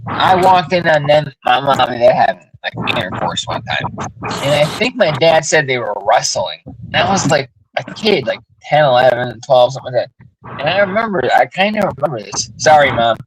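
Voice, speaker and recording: A man in casual chat on a livestream, swearing freely as he tells blunt stories. His voice sits at an ordinary pitch. Steady background noise runs under the talk. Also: normal speed, low-quality recording. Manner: blunt, profane storytelling. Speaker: livestream host.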